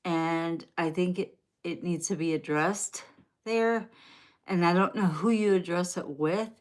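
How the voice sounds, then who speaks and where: Slow, low-voiced Southern woman reading tarot. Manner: rambling, chatty, talks directly to viewers. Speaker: tarot reader. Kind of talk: live-stream tarot reading.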